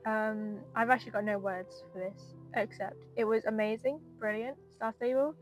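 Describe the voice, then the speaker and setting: A woman's voice: a little high, fairly even intonation, normal speed, faint music behind. A woman giving casual, emotional commentary on her gameplay and chatting to her viewers. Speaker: gaming video creator.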